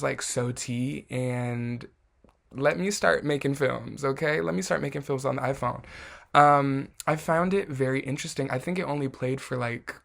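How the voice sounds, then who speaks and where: A man's voice: medium pitch, gravelly. A man chatting casually to his viewers, loose and slangy, full of "like" and "um". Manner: chatty, many fillers like "like" and "um"; slangy and candid. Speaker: vlogger. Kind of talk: casual chat to camera.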